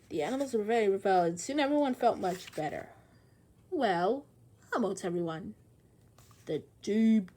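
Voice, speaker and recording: A woman's voice: medium pitch, expressive, moderate pace, a little mellow. A woman reading a children's storybook aloud expressively, acting out the sound effects.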